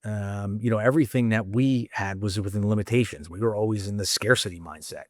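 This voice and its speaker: A man's voice: on the low side, brisk, dry recording. A middle-aged man talking candidly as a podcast guest, casual and rambling, swearing freely. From United States. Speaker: guest entrepreneur.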